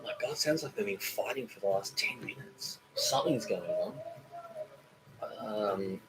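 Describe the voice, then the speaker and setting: In a rough recording, a cooking channel host runs a casual live chat, rambling, joking, and tossing in fillers and asides as he reads viewer comments. His voice is lowish, animated, and a little slow.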